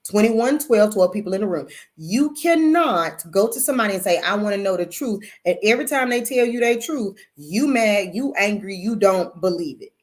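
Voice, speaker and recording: A woman host telling a story in casual, animated talk, calling her listeners y'all and swearing freely. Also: medium pitch, moderate pace, hardly any pauses. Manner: animated, profane, addresses audience as y'all.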